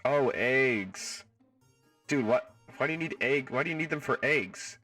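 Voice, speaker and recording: A man's voice: mid-range voice, lively intonation, unhurried, pushed and bright, dry recording, far from the mic, faint music behind. A man hosting a casual live stream from home, reading chat in a playful, jokey way and swearing freely.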